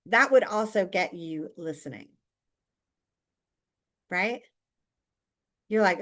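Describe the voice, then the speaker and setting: A woman's voice: on the high side, slow pace, pauses often. A woman coaching viewers directly in a chatty, emphatic way, teaching how to stand out online.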